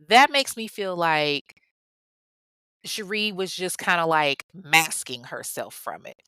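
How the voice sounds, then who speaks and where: A woman's voice: lowish voice, expressive, takes it slowly, pushed and bright, clear, resonant tone, no echo. A woman casually telling a crime story in a sassy, profane way, talking straight to her listeners. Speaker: podcast host.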